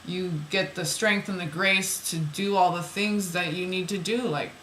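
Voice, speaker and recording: Woman, oracle card reader, bright clear tone, reads card text then rambles in repeated phrases. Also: lowish voice, fairly even intonation, unhurried, a little hiss or hum, poor audio. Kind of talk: reading oracle cards aloud with personal asides.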